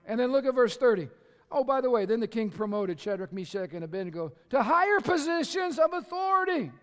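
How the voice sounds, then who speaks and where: A male pastor preaching an impassioned sermon that builds to shouts, recorded in a church sanctuary. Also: very high-pitched, sing-song, fairly quick. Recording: echoey hall.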